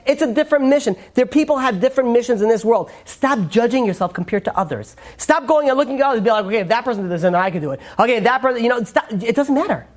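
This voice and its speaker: A rabbi giving an informal Torah class, a man who chats freely, acts out little scenes and keeps saying "you know.". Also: very high voice. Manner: chatty, acts out quotes, many fillers.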